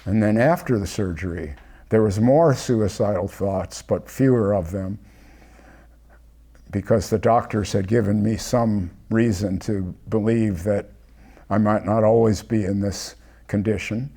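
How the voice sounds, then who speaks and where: Candid older man, dark unhurried voice. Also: lowish voice. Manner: candid, unhurried, speaks of his pain openly. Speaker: host of a group gathering. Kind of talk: reflective personal talk. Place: online video call.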